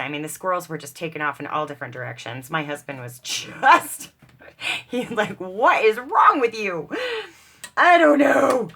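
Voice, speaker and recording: In a crafting video, a woman with a low, sharp-toned voice chats to viewers as she works, putting on a mock British accent. She is self-deprecating and laughs often.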